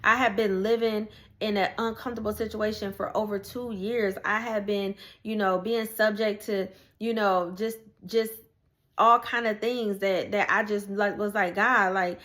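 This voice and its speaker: An earnest woman tells her faith testimony in a casual, conversational way and speaks directly to her viewers. She often repeats and restarts phrases as she goes, at an ordinary middle pitch for a woman. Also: fairly even intonation, moderate pace, a bit bright. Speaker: sharing a personal faith testimony.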